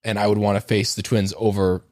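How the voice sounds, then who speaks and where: A man's voice: on the low side, level tone, a little fast, dry recording, clean studio sound. A man co-hosting a casual sports podcast, talking through his points at length. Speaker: podcast co-host.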